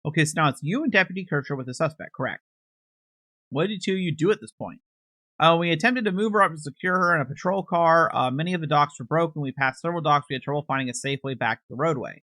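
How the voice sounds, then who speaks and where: A man's voice: a little high, fast talker, pushed and bright, no room sound. A man hosting a true crime channel, reading court transcripts aloud in a matter-of-fact way, announcing each speaker's label and adding his own comments.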